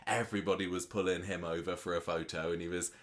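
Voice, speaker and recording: A man's voice: deep voice, fairly even intonation, quick pace, fairly bright tone. A man co-hosting a podcast, chatting casually and rambling with fillers and restarts. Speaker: podcast co-host. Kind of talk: casual chat.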